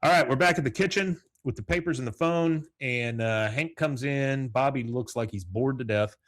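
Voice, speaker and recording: A man's voice: medium pitch, moderate pace, a bit bright. A middle-aged man hosting a solo podcast, recapping a cartoon episode in a rambling, casual way with chuckling asides. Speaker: podcast host. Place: home, with morning coffee.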